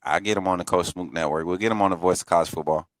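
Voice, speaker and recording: A man's voice: deep voice, rapid-fire. A man co-hosting a casual sports chat, laid-back and slangy, laughing often. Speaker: podcast co-host.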